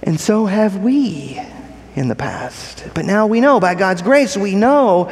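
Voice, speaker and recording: A male pastor preaching a sermon, emphatic, repeating key phrases and putting questions to the congregation. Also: high-pitched. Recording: long hall reverb.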